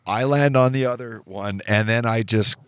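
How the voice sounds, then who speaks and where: A man co-hosting a podcast, telling a story in casual chat, animated and profane, acting out what others said. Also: mid-range voice, normal speed, clear, resonant tone, dry recording. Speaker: podcast co-host. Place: indoor studio.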